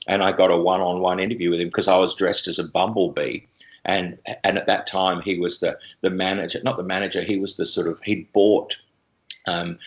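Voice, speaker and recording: A man, a radio presenter telling rambling, animated stories in an interview. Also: low-pitched, dull audio. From Australia. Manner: rambling, animated storyteller with many restarts. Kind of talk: anecdotal interview chat.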